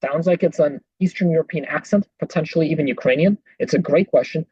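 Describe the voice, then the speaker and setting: A podcast host talks back at clips with indignant, sarcastic rebuttals. The voice sounds husky and the recording is dull, lo-fi and dry, with no room around it. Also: medium pitch, lively intonation, fast, few pauses, darkish tone, no echo. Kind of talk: political commentary over clips.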